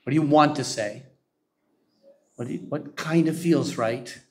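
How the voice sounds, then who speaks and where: Emphatic preacher, man, fairly high voice. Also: darkish tone. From Canada. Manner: emphatic, asks the congregation to agree; slows down to quote scripture. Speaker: pastor. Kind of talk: sermon.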